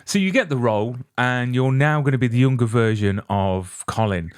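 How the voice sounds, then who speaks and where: A man's voice: medium pitch, moderate pace, clear, resonant tone, no echo, clean studio sound. A British man hosting an interview, chatty and joking at his own expense. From Britain. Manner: chatty, self-deprecating. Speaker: interview host. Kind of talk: casual interview.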